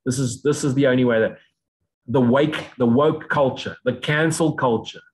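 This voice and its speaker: Man, mid-pitched, teaching off the cuff: blunt, swears freely, mocks in squeaky voices. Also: moderate pace, rough recording. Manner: blunt, profane, provocative; mocks views in sudden high voices. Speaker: spiritual teacher. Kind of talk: unscripted lecture.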